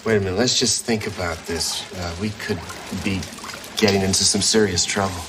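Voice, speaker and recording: A man's voice: low voice, steady tone, normal speed, over music, lightly acted, low-quality recording. A man playing a dry, teasing wisecracker. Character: wry, dry-witted man, a teasing father. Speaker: sitcom lead. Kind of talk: studio sitcom acting.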